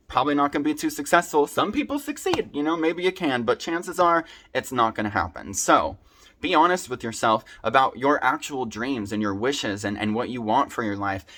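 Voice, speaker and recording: A young man with a medium-pitched, fairly bright voice talks to the camera in a personal video, sharing his recovery story. He speaks earnestly and from the heart, passing on advice drawn from his own experience.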